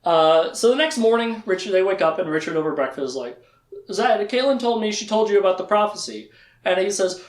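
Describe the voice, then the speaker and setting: A man with a rather high, very lively voice recaps a story in casual podcast chat. He keeps slipping into the characters' lines with quick quoted voices. He is recorded in an echoey room. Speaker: podcast host.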